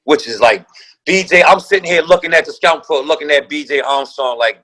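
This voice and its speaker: Give me a man with a raised pitch, telling an animated story and voicing the people in it. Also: a little fast, low-quality recording. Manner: acts out quotes in shifting voices, slangy and profane. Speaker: guest, former pro basketball player.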